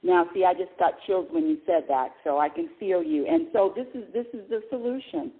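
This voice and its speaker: A woman's voice: fairly low pitch, lively intonation, brisk. A woman hosting a call-in radio show, talking in an emphatic way and often repeating her words. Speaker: radio host. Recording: tinny phone-line sound.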